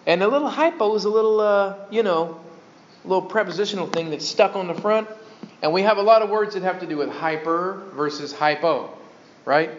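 Folksy joking man preaching, slightly high. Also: fairly quick. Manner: folksy, joking asides, animated. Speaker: pastor. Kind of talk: sermon teaching with slides. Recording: dull lo-fi sound.

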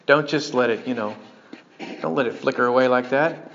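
A man preaching a sermon as pastor, animated and breaking into joking asides to his congregation. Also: mid-range voice, a little fast, a little hiss or hum. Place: church sanctuary. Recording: dull lo-fi sermon recording.

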